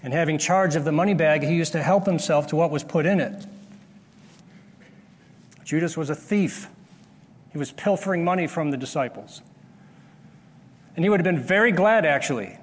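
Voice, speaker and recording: A man preaching a sermon, explaining a Bible passage step by step and pausing to restart his phrases. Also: fairly high pitch. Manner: explanatory, rises sharply when acting out the disciples' scolding. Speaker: pastor. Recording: long hall reverb.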